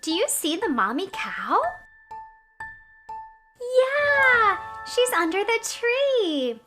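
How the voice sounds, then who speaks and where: A woman speaks to toddlers in a very high, slow, exaggerated voice that keeps swooping up and down. Her delivery is encouraging and sing-song, as if she is teaching the youngest viewers. Clear music plays behind her. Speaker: children's educator.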